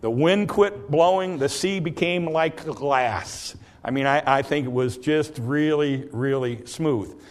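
Folksy preacher, higher-pitched man. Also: slow. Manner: folksy storytelling with frequent fillers and restarts; bursts into loud dramatic quotes. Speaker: pastor. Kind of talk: sermon.

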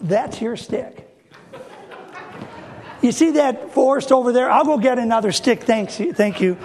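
A man's voice: very high voice, measured pace, a little mellow, slight background noise. A man voicing Moses as a stubborn, reluctant shepherd who whines and protests over and over, in a sermon story. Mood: protesting. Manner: whiny, protesting, repetitive.

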